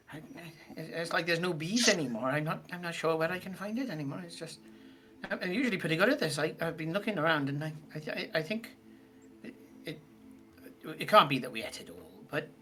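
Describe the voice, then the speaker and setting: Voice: mid-range voice, sharp tone, close to an everyday voice. A player voicing a nervous male bear in a tabletop game, stumbling and repeating words. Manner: stammering, hesitant. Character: anxious male bear, stammering forager.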